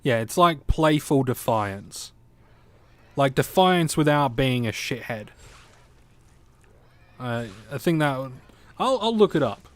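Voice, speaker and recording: A man's voice: medium pitch, sing-song, slow, long pauses, dry recording. A young Australian man chatting casually and jokingly with his viewers while streaming a game, rambling from one thought to the next. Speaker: live streamer.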